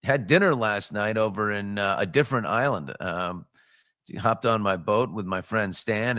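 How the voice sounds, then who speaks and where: A middle-aged man with a low voice hosts a casual morning show, greeting viewers in a bouncy, upbeat way. The sound is dry and close, recorded in a home studio. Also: creaky, no echo. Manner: upbeat, shouting out viewers with jumps in pitch. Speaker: host.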